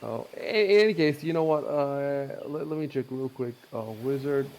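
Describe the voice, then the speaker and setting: A man's voice: medium pitch, normal speed, a little mellow, a little hiss or hum, low-quality recording. A man running a tabletop game, explaining rules with many fillers and restarts. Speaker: game master.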